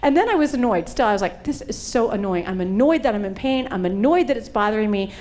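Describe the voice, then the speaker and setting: A woman's voice: medium pitch, fast. A middle-aged woman preaching, telling stories with humor and acting out the voices in quotes. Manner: animated, acts out voices in quotes. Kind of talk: humorous sermon storytelling.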